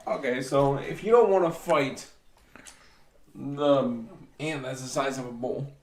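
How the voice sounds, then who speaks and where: A man's voice: medium pitch, measured pace, a little mellow, roomy sound. A man co-hosting a podcast, teasing and laid-back as he poses would-you-rather questions. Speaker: podcast co-host. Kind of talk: casual podcast banter.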